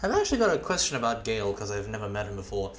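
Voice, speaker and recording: A man's voice: fairly low pitch, very animated, racing, a bit bright, a little hiss or hum. A man with a Midwestern American accent chatting casually on a stream.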